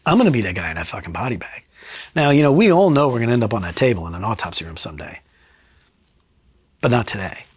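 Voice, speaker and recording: A middle-aged man and retired state trooper, telling his story bluntly in a sit-down interview, swearing freely and pausing to reflect. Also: medium pitch, big pitch swings, slightly rough, no room sound, clean studio sound. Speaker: retired state trooper and crime scene investigator.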